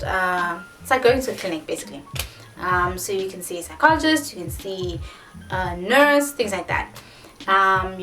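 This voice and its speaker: A young South African woman in her twenties chats to her viewers in a casual, expressive storytelling voice. Her middle pitch rises and falls as she acts out each moment. The mic sits at some distance, with quiet music underneath. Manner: animated, dramatic retelling with many filler likes. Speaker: vlogger.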